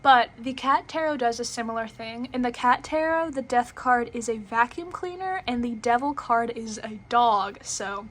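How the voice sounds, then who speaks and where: A young woman chats her way through a tarot deck review, full of fillers and little giggles. Her voice sits a little high. A faint hiss runs underneath the recording. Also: moderate pace, few pauses, fairly bright tone. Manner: chatty, filler-heavy, giggly.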